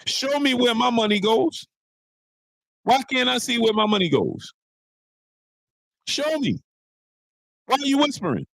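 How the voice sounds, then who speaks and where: A man's voice: very high voice, a little slow, gravelly, pauses often, no echo. A man hosting a casual live-streamed sports talk show, preaching his point with lots of repetition and greeting viewers in the chat. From New York. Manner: animated, preachy, repeats lines for emphasis, greets chat viewers.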